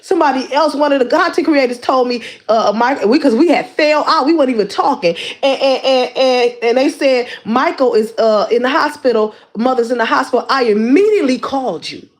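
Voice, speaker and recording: In a heated livestream rant aimed at someone, the female host keeps repeating words and starting over. She talks a little fast in a high voice, with hardly any pauses.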